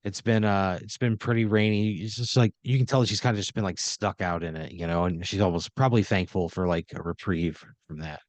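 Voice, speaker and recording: A man's voice: sits low, fairly even intonation, fairly quick, few pauses. A man narrating an improvised story on a comedy podcast, rambling and full of fillers.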